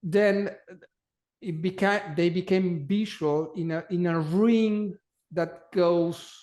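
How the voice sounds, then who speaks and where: Slow, halting man with a higher voice. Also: a little mellow. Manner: slow, halting, many repeated words. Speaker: polar travel company guest. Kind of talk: interview answers.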